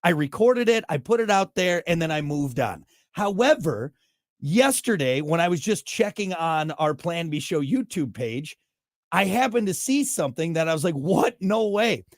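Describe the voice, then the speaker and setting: A male podcast host in casual chat, ranting in mock outrage. His voice is high and swoops all over the place. The sound is close and dry. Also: big pitch swings, moderate pace, no room sound.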